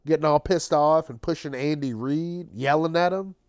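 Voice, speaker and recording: A man's voice: fairly high pitch, normal speed, clean tone, no echo, studio quality. A man hosting his own podcast, ranting casually and sarcastically with plenty of swearing, tired late at night. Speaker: podcast host. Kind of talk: casual solo monologue.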